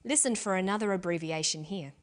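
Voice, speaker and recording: A woman narrating an English lesson, speaking slowly and carefully and spelling out letters one by one. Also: lowish voice. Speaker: English teacher. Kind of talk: scripted language lesson narration.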